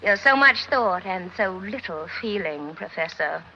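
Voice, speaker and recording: An actress in a classic film playing a spirited woman who lectures a stubborn professor, in a crisp, imperious mid-Atlantic accent. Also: medium pitch, animated, a little slow, sharp tone, lo-fi sound, slight background noise. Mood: scolding. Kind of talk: classic Hollywood film acting.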